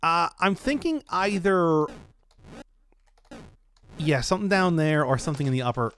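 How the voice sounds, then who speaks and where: A man commenting on a puzzle game as he plays, thinking aloud and hesitating, with sudden bursts of excitement. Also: on the high side, normal speed, long pauses, a little hiss or hum. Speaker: let's play host. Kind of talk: let's play commentary.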